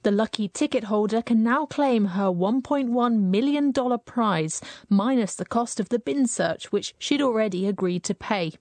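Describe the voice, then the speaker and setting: A woman reporter narrating a scripted news story with clear storytelling delivery. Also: on the high side, normal speed, darkish tone, no room sound.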